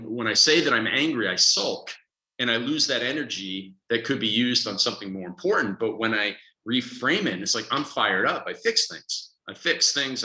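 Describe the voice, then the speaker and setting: A man's voice: medium pitch, roomy sound, rough recording. A man coaching on a motivational podcast, talking emphatically and acting out the voices in people's heads. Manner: energetic, emphatic, acts out inner voices. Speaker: productivity coach.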